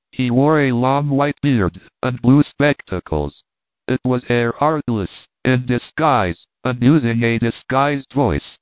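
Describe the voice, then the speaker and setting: A man narrating a storybook in a slow, measured, even reading. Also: medium pitch, no echo. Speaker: audiobook narrator. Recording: thin phone-like dry sound.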